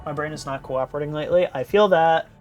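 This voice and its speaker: A man's voice: a little high, fast, muffled recording, soft background music. A tired young man streaming live, chatting casually with viewers in a rambling, giggly way and playfully repeating words.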